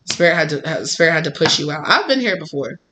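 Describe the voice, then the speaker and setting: A tarot reader giving a casual spiritual reading, animated and laughing often. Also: mid-range voice, fast, noisy background. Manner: animated, laughing, acts out quotes.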